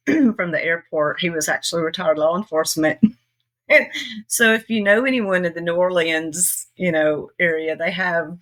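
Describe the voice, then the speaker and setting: Bright-voiced Southern woman. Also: lowish voice. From Tennessee, US. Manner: chatty, laughing, trailing off with fillers. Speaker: nonprofit CEO guest. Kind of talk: casual interview talk.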